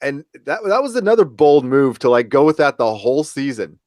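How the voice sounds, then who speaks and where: A man with a mid-range voice, musing in relaxed podcast talk. He often hesitates and restarts his sentences between chuckles. The sound is dry and close-miked. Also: medium pitch, a little fast, no echo. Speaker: podcast co-host. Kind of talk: casual chat reviewing a TV episode.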